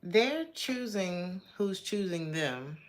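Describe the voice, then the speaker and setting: A woman's voice: on the low side, lively intonation, slow. An American woman from Georgia doing a casual tarot reading, chatty and blunt, laughing often as she talks. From Georgia, USA. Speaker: tarot reader.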